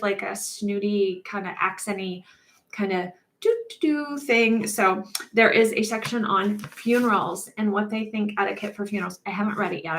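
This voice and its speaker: A woman hosting a relaxed live stream as a mortician, her voice sitting at an everyday middle pitch. She chats in a loose, rambling way, full of small pauses and restarts, and often breaks into light laughter between thoughts. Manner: rambling with frequent ums and restarts. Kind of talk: casual live-stream chat.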